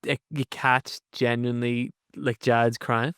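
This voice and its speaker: A man co-hosting a casual podcast, chatting and jumping in with quick comments. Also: medium pitch, flat delivery, fairly bright tone, smooth, no room sound, studio quality. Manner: chatty, quick interjections and laughter. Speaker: podcast co-host.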